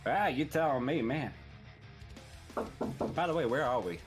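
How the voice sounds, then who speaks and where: A man taking his turn in a tabletop game, talking in a folksy, laid-back drawl. His voice sits at an ordinary pitch, and his questions trail off. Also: expressive, measured pace, soft background music. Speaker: player. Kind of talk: in-character play.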